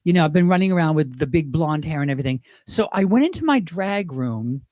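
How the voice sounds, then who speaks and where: A British man in his fifties, a drag performer appearing as an interview guest, tells rambling stories in a fairly high, animated voice at a quick clip. His tone is darkish, and he's chatty, wandering off-topic and slipping into impressions. The studio-quality recording has no echo.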